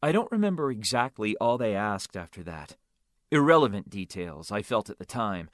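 A man's voice: lowish voice, big pitch swings, moderate pace, dry recording, clean studio sound. A man narrating a first-person audiobook in a wry, understated way.

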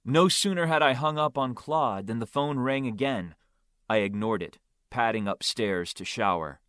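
A man's voice: medium pitch, normal speed, fairly bright tone, smooth, no echo, clean studio sound. A man narrating a first-person audiobook in a wry, understated way.

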